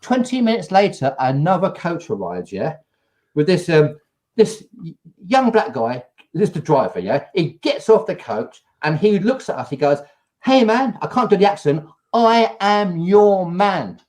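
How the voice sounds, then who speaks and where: Male host from England, casual and animated storyteller, slightly high voice. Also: normal speed. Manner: animated, acts out quotes. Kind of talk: casual storytelling on a live show.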